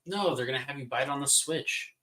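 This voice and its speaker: A man co-hosting a live podcast, telling animated stories and mimicking other people's voices. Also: mid-range voice, quick pace. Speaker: podcast co-host. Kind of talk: casual chat.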